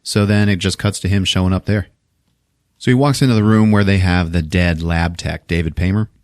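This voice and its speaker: A man's voice: deep voice, steady tone, a little fast, dry recording, clean studio sound. A man casually recapping a film on a podcast, acting out the characters' lines, laughing often and swearing freely. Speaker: podcast host.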